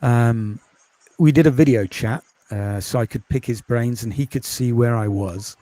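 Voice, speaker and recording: A man from the UK, a podcast host and course creator, chatting in a quiet, calming voice with many ums in a casual interview over a video call. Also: medium pitch, measured pace, slight background noise. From United Kingdom.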